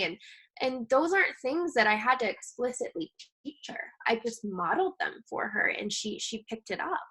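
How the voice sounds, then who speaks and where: High-voiced woman, gentle and earnest. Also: animated, moderate pace, husky. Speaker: guest expert on maternal mental health. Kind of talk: casual interview chat.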